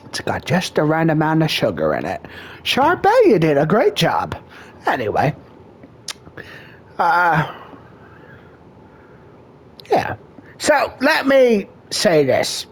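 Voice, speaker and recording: Deep-voiced crude mock counselor. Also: male voice, wildly swooping pitch, slow pace, long pauses, slightly rough. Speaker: mock marriage counselor, streamer. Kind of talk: crude improvised comedy.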